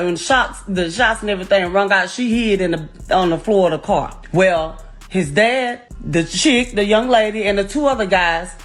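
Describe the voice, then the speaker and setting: Grieving middle-aged mother, raw and cursing, mid-pitched, faint music under her. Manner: raw, profane, rising to anguished outbursts. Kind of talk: emotional first-person account.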